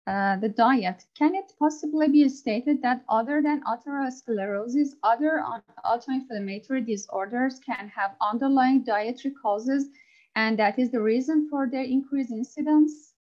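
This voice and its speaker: A woman's voice: high-pitched, moderate pace, darkish tone. A woman moderating a webinar, courteous and formal. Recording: dull lo-fi sound.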